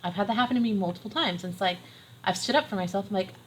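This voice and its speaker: A woman's voice: mid-range voice, rapid-fire, a little hiss or hum, rough recording. A middle-aged woman giving a casual tarot reading, earnest and encouraging, repeating phrases for emphasis. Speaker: tarot reader.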